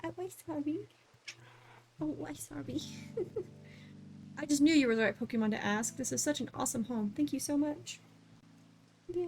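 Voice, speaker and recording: A young woman streaming a game from home, talking in a fairly high voice that slips into soft baby talk for her cat. She swears casually between lines. Game music plays clearly beneath her. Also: normal speed, pauses often. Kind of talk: casual livestream chat. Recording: game music playing underneath.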